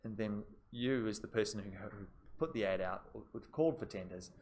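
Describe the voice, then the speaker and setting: A man's voice: fairly low pitch, fairly quick, darkish tone, slight background noise. A man giving a live business law seminar in a casual, conversational way, talking straight to his students and repeating the key points. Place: classroom.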